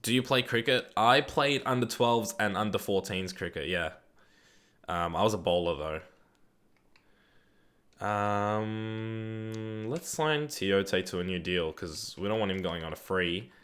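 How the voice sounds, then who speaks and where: A young Australian man chatting through a live game stream in a loose, rambling way. His voice sits a little low, and he tosses in the odd swear as he answers viewers. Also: animated, measured pace, pauses often, a bit bright, clean tone. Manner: laid-back, rambling, swears casually; reads viewer chat aloud and answers it. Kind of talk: live gaming stream chat.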